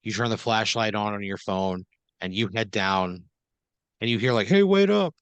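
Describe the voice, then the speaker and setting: A man with a somewhat low voice improvises a comic adventure story, talking loosely and piling on fillers as he goes. The sound is dry and close, like a podcast mic. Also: fairly even intonation, normal speed, fairly bright tone, smooth, dry recording, dull audio. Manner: loose, rambling second-person storytelling with many fillers. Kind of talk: improvised comedic narration.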